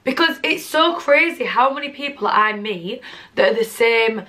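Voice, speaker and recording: A woman, gushing excitedly through a casual gift haul at home and swearing freely. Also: fairly high pitch, moderate pace. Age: 20s. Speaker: vlogger.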